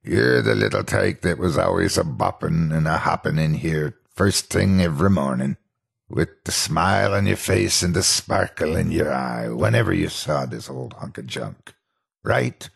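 A man voicing an old male pirate fox animatronic in a slow pirate drawl, gruff yet fond, in a spoken storybook. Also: low-pitched, expressive, heavily acted. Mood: fond, gentle.

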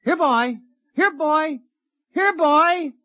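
An actor playing a hapless young lawyer who hesitates and gets flustered, in a muffled vintage radio drama recording. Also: male voice, very high-pitched, very slow, bright, forceful tone, no echo, exaggerated voice. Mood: excited. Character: hapless young male lawyer, nervous and eager. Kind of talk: 1950s radio drama acting.

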